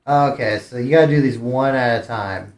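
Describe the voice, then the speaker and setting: A man's voice: mid-range voice, moderate pace, reverberant. A man streamer giving casual gameplay commentary, thinking aloud with hesitant restarts. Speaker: game streamer.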